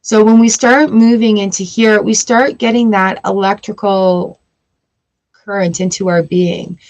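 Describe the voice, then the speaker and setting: A woman's voice: mid-range voice, fairly even intonation, unhurried, darkish tone, muffled recording. A woman giving a casual tarot reading to camera, chatting directly to her viewers. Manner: chatty, addresses viewers directly with frequent "right?". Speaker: tarot reader.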